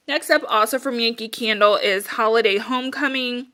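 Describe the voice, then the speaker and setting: A woman's voice: on the high side, normal speed, few pauses, pushed and bright, a little hiss or hum. A woman casually chatting through her candle reviews, rambling with plenty of fillers and sounding a little out of breath. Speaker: candle and wax melt reviewer. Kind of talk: casual chat.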